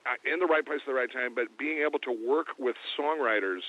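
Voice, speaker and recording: A man speaks as the guest of an interview, easygoing and joking, pausing often with hesitant fillers. His voice is mid-pitched for a man. He comes through a thin, tinny phone line. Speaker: guest drummer. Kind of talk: casual interview.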